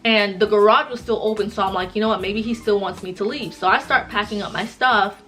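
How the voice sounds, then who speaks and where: A woman's voice: mid-range voice, brisk, a bit bright, soft background music. A woman vlogger retelling a personal story in a casual, chatty way, full of "like" and fillers.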